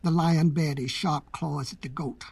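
A woman narrating storybook fables in a playful, expressive way. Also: low voice, a little slow, gravelly, breathy edge.

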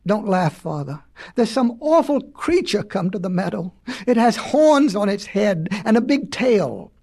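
Three small, anxious little frog sons from a children's storybook, as a storyteller puts them on. They sound alarmed and excited, the husky voice leaping around in pitch. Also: a little slow.

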